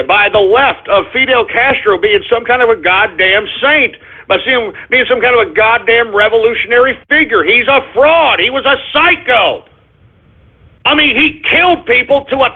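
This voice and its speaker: A man's voice: extremely high pitch, slightly rough. A man hosting a call-in radio show, ranting angrily with curses, sighs and stumbling restarts. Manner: angry, cursing, frequent sighs and restarts. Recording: tinny phone-like lo-fi audio.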